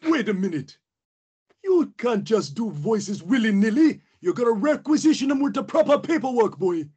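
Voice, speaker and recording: A man's voice: very high voice, very animated, dark tone, slightly rough, voice pushed up, exaggerated voice. A man doing a fussy bureaucrat clerk. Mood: scolding. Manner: officious, scolding, rapid.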